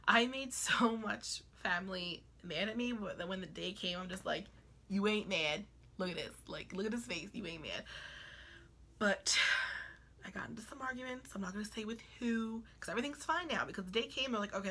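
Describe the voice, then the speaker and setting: A woman's voice: mid-range voice, bright, forceful tone, husky. A young woman in her twenties chatting casually to camera in a rambling way, often dropping into whispered asides. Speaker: vlogger. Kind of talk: casual chat.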